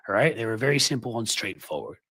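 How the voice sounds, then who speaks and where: A man's voice: lowish voice, lively intonation, fast talker, pushed and bright, breathy edge. A man hosting a livestream of political commentary, sarcastic and mocking.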